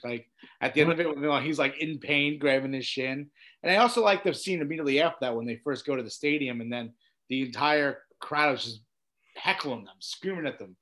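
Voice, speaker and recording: A man's voice: a little high, quick pace, a bit bright. A man co-hosting a sports movie podcast, enthusiastic and agreeable, quoting favorite lines. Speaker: podcast co-host. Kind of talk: casual chat.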